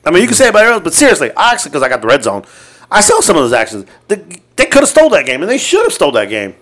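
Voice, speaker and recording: Casting: animated male podcast co-host, profane and excitable, lively pitch swings. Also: very fast. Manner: profane, excitable, laughs often. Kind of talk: casual sports chat.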